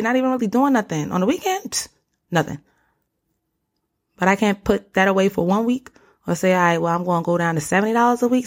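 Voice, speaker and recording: A young woman hosting a solo podcast, talking casually and animatedly in slang, often calling the listener honey or baby. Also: a little high. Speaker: podcast host.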